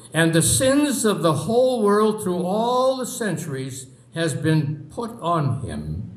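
A man preaching a sermon in a dramatic way, pausing often and letting phrases sink low and quiet. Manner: dramatic, slow, with long pauses and sinking low phrases. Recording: echoey room.

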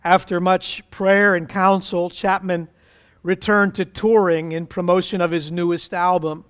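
A man's voice: high voice, little pitch movement, a little slow, a bit bright, smooth. A man pastor leading prayer and preaching a sermon in an emphatic, fervent way.

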